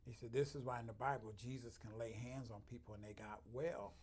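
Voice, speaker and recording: A man with a husky, slightly breathy voice speaks at a middle pitch. He tells heartfelt stories in an interview, earnestly quoting the people he has met. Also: fairly even intonation, brisk, darkish tone. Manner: earnest, heartfelt, often quoting others, laughing at his own stories. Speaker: chiropractor, guest. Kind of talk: conversational interview storytelling.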